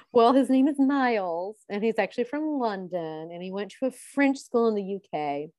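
A woman's voice: mid-range voice, moderate pace, no room sound, clean studio sound. A woman co-hosting a casual chat, retelling scenes with lots of laughter. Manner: giggly, animated storyteller. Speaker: podcast co-host.

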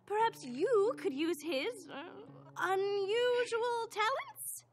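An actress voicing a fussy, proper female pony professor in a cartoon, speaking in a measured, precise way. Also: extremely high pitch, lively intonation, heavily acted. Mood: pointed. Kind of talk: cartoon voice acting.

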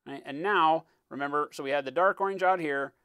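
A man talking through a live-stream painting tutorial in a relaxed, explanatory way, often checking in with "right?" and sometimes muttering as he works. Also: a little high, brisk, smooth, no echo. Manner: muttering while working. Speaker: miniature painting instructor.

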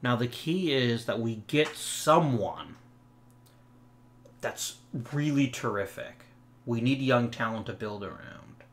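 A man's voice: mid-range voice, animated, takes it slowly, slight background noise. A young man hosting a let's play of a baseball management game, talking through his choices and sarcastically snapping back at his own virtual players. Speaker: gaming channel host.

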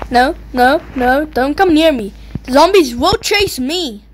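A young woman giving excitable, taunting commentary while playing a video game, yelping and squealing at the action. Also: unhurried. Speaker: gamer. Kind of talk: gameplay commentary. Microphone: low-quality mic. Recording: faint noisy low-quality mic.

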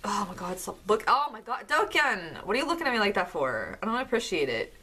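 Woman vlogger, casual unboxing chat, gushing, excitable, talking to camera. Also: mid-range voice, fast, breathy edge.

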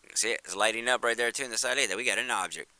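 A man talking casually over his video footage, eager and repetitive as he points things out, then turning soft and apologetic. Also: mid-range voice, rapid-fire, clean tone, dry recording. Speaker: video creator. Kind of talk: casual vlog commentary.

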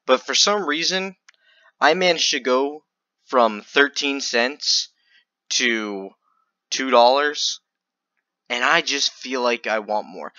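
A man commentating his online gambling in a casual video, stammering and swinging between loud excitement and quiet muttering. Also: mid-range voice, dry recording, lo-fi sound. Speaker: gaming video creator.

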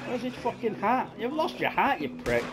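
A man's voice: very high voice, very animated, normal speed. A man giving crude, swearing, mocking commentary while playing a game. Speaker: gaming streamer. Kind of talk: gameplay commentary.

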